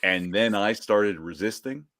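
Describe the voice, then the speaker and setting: A man chatting casually as a podcast co-host, wry and quick to joke. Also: fairly low pitch, fairly bright tone. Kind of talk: casual chat.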